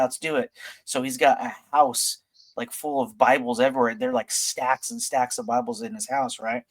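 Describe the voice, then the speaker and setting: Rambling man telling a story. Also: medium pitch. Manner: rambling, filler-heavy retelling. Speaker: podcast host. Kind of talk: casual storytelling.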